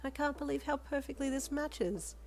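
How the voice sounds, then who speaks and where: A woman doing a soft, motherly shop lady. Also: sits high, moderate pace, slight background noise, voice pushed up. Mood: warm. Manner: soft, gentle and comforting.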